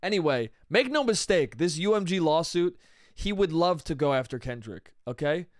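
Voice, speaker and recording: A man's voice: a little high, sing-song, moderate pace, no room sound, studio quality. Crude rambling male podcast comedian. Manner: rambling, crude, peppered with "dude" and "bro". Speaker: podcast host. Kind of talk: solo comedy podcast monologue.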